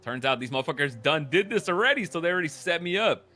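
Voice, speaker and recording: A man casually retelling a roleplay story, animated and profane, acting out the other people's lines in a low mutter. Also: fast. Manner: animated, profane, acts out quotes in a lower mutter.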